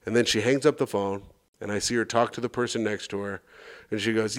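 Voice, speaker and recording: A man's voice: lowish voice, steady tone, fairly quick. A man co-hosting a comedy podcast, telling a long rambling anecdote and acting out the voices in it. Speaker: podcast co-host. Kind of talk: crude comedic storytelling.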